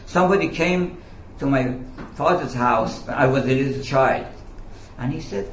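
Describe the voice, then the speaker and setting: A man giving a storytelling lecture about Sufi teaching, slow and deliberate with hesitations, in an echoey, lo-fi recording. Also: mid-range voice, a little hiss or hum. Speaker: speaker on Sufism. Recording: echoey, dull lo-fi room recording.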